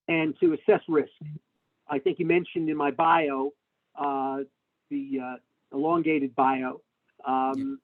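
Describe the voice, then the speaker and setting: A middle-aged man telling stories in an interview, animated and full of fillers and restarts, speaking over a video call. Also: on the high side. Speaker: tax lawyer, interview guest. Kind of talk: conversational interview answers. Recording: tinny phone-like webinar audio.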